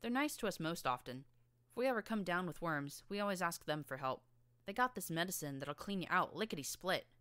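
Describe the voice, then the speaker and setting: A woman voicing a tough, streetwise young filly gang leader with a rough rural drawl and a blunt, slangy manner. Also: on the low side, lively intonation, fairly quick, a bit bright, dry recording.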